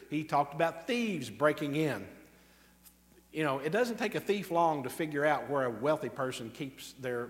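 Preacher man with a higher voice in a reverberant hall. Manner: emphatic, with slow stressed words and quick asides. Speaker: pastor. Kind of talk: sermon.

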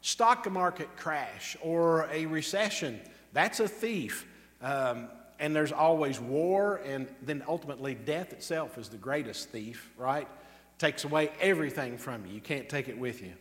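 A man preaching a sermon emphatically, drawing out key words slowly and tossing off quick asides. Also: fairly high pitch, animated, fairly bright tone, big-room sound. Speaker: pastor.

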